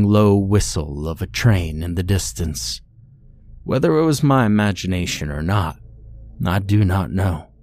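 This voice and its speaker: A man narrating a horror story in a measured, grim first-person telling. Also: deep voice, darkish tone.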